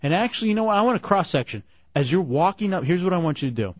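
A man's voice: high-pitched, very animated, rapid-fire, dry recording, muffled recording. Bossy male radio host. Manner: bossy, mocking, gives orders. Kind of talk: bantering talk radio. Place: radio studio.

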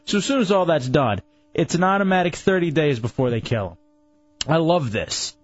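A man's voice: on the high side, lively intonation, moderate pace, no echo, muffled recording. A man hosting a talk radio show, opinionated and argumentative in casual banter.

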